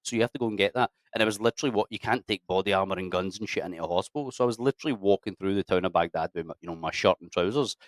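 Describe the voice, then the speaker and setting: In a dry recording, a man in his thirties, an army veteran, tells his story in a casual interview with a deep voice, talking very fast with hardly any pauses. He's blunt and sweary, calls people mate and lads, and often clears his throat.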